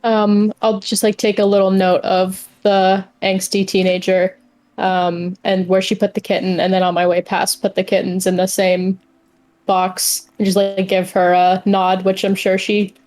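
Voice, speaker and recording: A woman player describing her character's actions in a tabletop game, hesitant and halting. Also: mid-range voice, completely flat delivery, darkish tone. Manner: hesitant, with many fillers.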